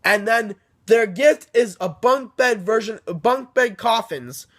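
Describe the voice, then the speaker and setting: Speaking slowly in a notably high-pitched, fairly bright voice, this book reviewer casually walks through a story's plot. His sentences frequently restart, and he keeps tacking on a questioning "okay?" to make sure the listener is following.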